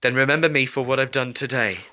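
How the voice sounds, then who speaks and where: A man voicing a young male fox, a gentle and protective brother, in a read-aloud fan story. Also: medium pitch, fast talker, close to an everyday voice. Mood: firm.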